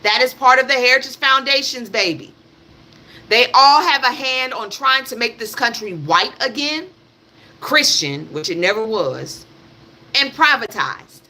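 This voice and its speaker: High bright-voiced woman ranting live. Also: lively intonation, a little slow. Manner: blunt, emphatic, repetitive, swears freely; addresses her audience directly. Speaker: livestream host. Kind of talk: live political commentary rant.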